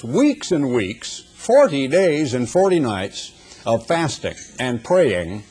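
A man's voice: mid-range voice, darkish tone, breathy edge. An older man preaching a sermon, telling folksy stories with humorous asides before turning to scripture. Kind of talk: sermon with anecdotes.

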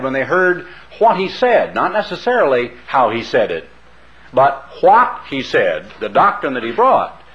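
A man preaching a sermon, mixing scripture with folksy asides and pointed questions to the congregation. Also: mid-range voice. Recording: dull lo-fi recording.

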